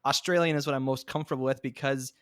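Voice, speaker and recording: A man's voice: mid-range voice, steady tone, fast talker, fairly bright tone, clean tone, dry recording, clean studio sound. A man hosting a podcast, chatting casually and eagerly recommending shows, poking fun at himself. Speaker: podcast host. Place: home, recorded remotely.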